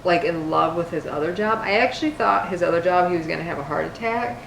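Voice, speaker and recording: A woman's voice: fairly low pitch, expressive, quick pace, creaky, fairly bright tone. A young woman chatting casually at home on a couch with her husband, giggling as she answers viewer questions. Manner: giggly, reads questions aloud. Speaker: co-host, wife. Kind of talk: casual couple Q&A chat. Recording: echoey room, faint background hiss.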